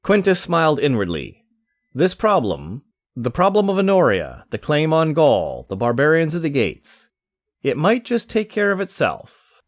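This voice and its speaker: Male narrator for comic fiction, animated reading, dry sound. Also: fairly high pitch, a little slow, no room sound. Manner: lively, expressive reading. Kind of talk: audiobook narration.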